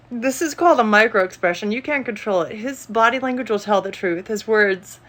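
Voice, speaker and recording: A woman's voice: on the high side, a little fast, hardly any pauses, fairly bright tone. A woman giving casual commentary on a video clip, explaining body language and laughing often as she goes.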